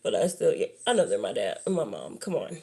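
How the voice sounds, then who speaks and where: A woman's voice: a bass voice, very animated, fast talker, vocal fry, dark tone. A young adult woman vlogger chatting candidly and rambling, laughing often as she talks. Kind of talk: casual chat.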